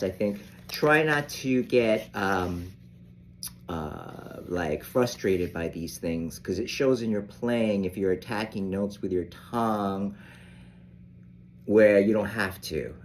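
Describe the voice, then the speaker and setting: Older male sax teacher, low voice, slow, rambling with restarts. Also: a little mellow, a little hiss or hum. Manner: unhurried, rambling, with frequent restarts. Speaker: saxophone teacher. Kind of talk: casual instructional talk.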